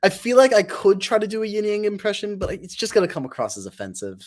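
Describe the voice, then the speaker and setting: A woman's voice: mid-range voice, very animated, quick pace, a little mellow. A woman streamer and voice actor chatting casually and rambling with self-deprecating humor, her voice a bit worn. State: voice tired from overuse. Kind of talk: casual live-stream chat.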